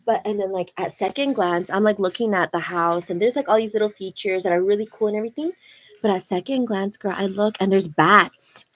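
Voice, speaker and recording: A briskly speaking young woman with a mid-range voice hosts a chatty makeup livestream from home, calling viewers "girl." Her speech is full of "like," with soft music beneath it on a rough recording.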